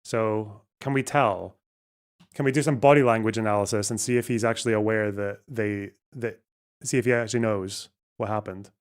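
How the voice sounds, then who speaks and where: A man's voice: on the low side, fairly even intonation, normal speed. A man hosting a casual livestream, commenting with sardonic asides and swearing freely. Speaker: livestream host.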